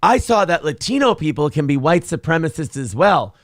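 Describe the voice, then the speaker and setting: A man hosting a casual live-stream talk show, sarcastic and crude, reading out viewer donations and pitching for support. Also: big pitch swings, a little fast, no echo, studio quality. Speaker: show host.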